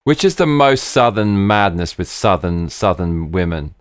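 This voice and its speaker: A fairly low-voiced man hosting a relaxed live stream. His pitch leaps up and down as he talks himself through plans, excitable and full of "look, look" and "bruv". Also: unhurried, smooth. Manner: excitable, thinking aloud, repeats 'look' and 'bruv'. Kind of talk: casual chat while planning a trip with viewers.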